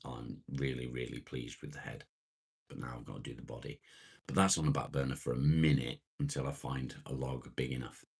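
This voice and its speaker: A man hosting a casual morning live chat, greeting viewers by name and answering their comments in an unhurried, rambling way. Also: rumbling low, fairly even intonation, vocal fry, slightly rough. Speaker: live-stream host reading viewer comments.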